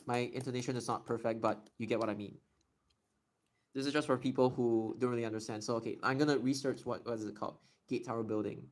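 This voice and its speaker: A young man streaming live, casually answering viewer questions in a chatty, explanatory way and slowly stretching out words to demonstrate them. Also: medium pitch, fairly even intonation.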